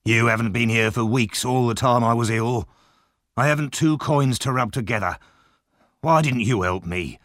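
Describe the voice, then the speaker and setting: A man doing a gruff, ill-tempered thief. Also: medium pitch, normal speed, a bit bright, no room sound, studio quality, close to an everyday voice. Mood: surly. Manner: gruff, demanding. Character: rough, bad-tempered sick male thief.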